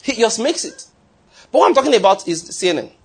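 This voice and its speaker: A man delivering a sermon, pressing his points hard and circling back to repeat key lines for emphasis. His voice sits a touch high and has a husky edge, and he trips over a word now and then. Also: sing-song, quick pace. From not from the United States. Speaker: preacher.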